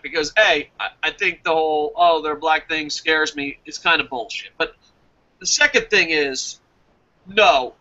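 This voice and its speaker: A man co-hosting a casual wrestling podcast, ranting with lots of swearing. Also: a little high. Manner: profane, ranting, animated. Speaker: podcast co-host. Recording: dull lo-fi audio.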